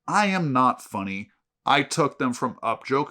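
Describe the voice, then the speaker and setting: A man's voice: mid-range voice, big pitch swings, a little slow, pushed and bright. A man hosting a casual beer review show, telling jokes with dry, self-mocking humor.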